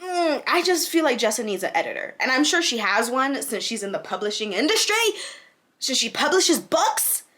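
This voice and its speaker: A young woman in her twenties with a bright, crisp voice, talking straight to camera about a book she disliked. She rants frankly and with exasperation, breaking into laughs between points, in loose, casual chat. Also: on the high side, very animated, moderate pace. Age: 20s. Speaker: book reviewer.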